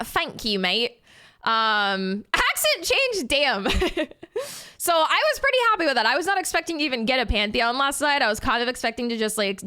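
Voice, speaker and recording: Woman streamer, casual and giggly, clear bright tone. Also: fairly high pitch. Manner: giggly, rambling and chatty. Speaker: game streamer. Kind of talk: casual live-stream chat.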